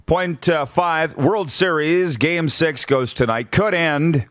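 A man's voice: on the high side, takes it slowly, fairly bright tone, no room sound, clean studio sound. A man hosting a sports talk show, running through numbered points with blunt opinions and frequent restarts.

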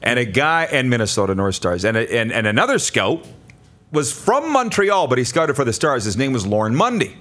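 A Canadian man and sports broadcaster swapping stories in a casual chat, excitable and quick to laugh. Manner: excitable, quick to laugh, jumps up high in pitch.

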